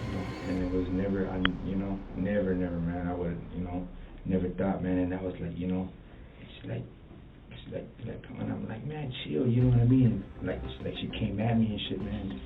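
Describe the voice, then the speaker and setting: A man's voice: low-pitched, level tone, brisk, noisy background. A man in his thirties, a murder suspect in a police interrogation, rambling with endless fillers and restarts. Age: 30s. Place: interrogation room. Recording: echoey, far-off, phone-like audio with loud music. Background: loud music.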